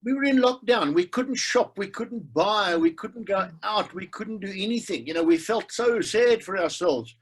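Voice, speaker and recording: An older man, telling a wry, unhurried story about life at home on a video call. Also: high voice, expressive, husky, poor audio. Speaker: webinar participant. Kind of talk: casual personal anecdote.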